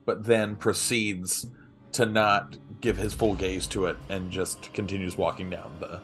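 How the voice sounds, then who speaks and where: A man's voice: deep voice, flat delivery, unhurried, over music, low-quality recording. A man playing a tabletop role-playing game, chatting casually and describing what his character does. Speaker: player.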